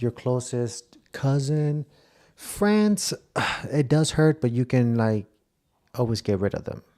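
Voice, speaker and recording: A man's voice: medium pitch, warm tone. A man giving blunt, casual reaction commentary, with swearing and stop-start phrasing. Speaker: reaction video host.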